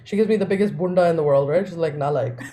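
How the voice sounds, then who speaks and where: Animated woman telling stories. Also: lowish voice, rapid-fire, very noisy. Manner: animated, laughs often. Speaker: podcast co-host. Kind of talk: casual storytelling.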